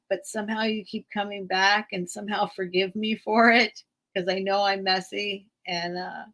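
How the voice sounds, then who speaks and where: A woman hosting a live sale stream, rambling and emotional as she thanks her viewers in halting phrases. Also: medium pitch, fairly bright tone. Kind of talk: casual livestream sign-off.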